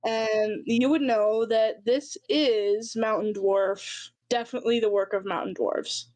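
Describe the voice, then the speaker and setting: A woman narrating as dungeon master, describing scenes in a measured, descriptive way. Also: on the high side, steady tone, a little mellow, dry recording, poor audio. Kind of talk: narrating a tabletop game.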